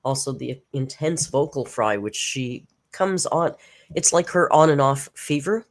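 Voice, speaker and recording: A woman's voice: rumbling low, unhurried. A woman hosting a live reaction stream, chatting casually, greeting viewers by name and laughing often.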